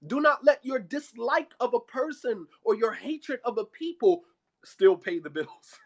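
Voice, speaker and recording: A man's voice: high-pitched, animated, a little fast. A man giving a religious talk on marriage, blunt and emphatic, mixing casual street talk with Arabic phrases. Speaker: Islamic speaker.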